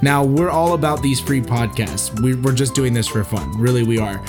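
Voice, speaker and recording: A woman's voice: rumbling low, moderate pace, over music. A woman hosting a podcast, reading the closing announcements in an upbeat, promotional way. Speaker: podcast host. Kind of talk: reading the show outro.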